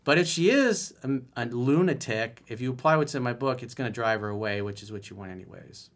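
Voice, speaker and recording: In a solo video, a male dating coach with a medium-pitched, expressive voice reads a viewer's email aloud at a brisk pace. He comments on it bluntly and emphatically.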